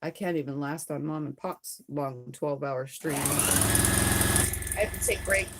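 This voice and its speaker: A hoarse woman chatting casually on a livestream from her sewing room, rambling and greeting viewers as she reads out their comments. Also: deep voice, a little slow, very noisy. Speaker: live streamer.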